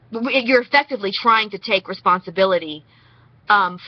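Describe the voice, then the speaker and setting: A woman's voice: fairly high pitch, no room sound, highs cut off. A young woman from Tennessee with a Southern accent, rambling casually as she talks straight to the camera in a response vlog. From Nashville, Tennessee. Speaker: vlogger.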